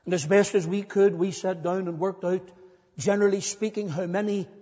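A man's voice: high-pitched, fairly even intonation, normal speed, mellow. A male pastor preaching a sermon in a church, earnest and building to emphatic repetition. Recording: long church reverb, dull lo-fi sound.

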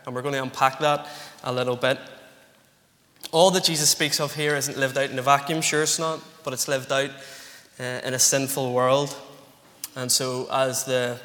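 A man's voice: mid-range voice, sharp tone, in a large hall. A Northern Irish man preaching an earnest, emphatic expository sermon to his church congregation. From Northern Ireland. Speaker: pastor.

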